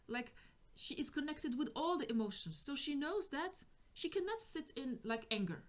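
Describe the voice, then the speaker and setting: A woman's voice: fairly high pitch, animated, normal speed. Hesitant woman giving a tarot reading. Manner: hesitant, restarts often, searches for words. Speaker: tarot reader. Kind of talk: spiritual guidance reading.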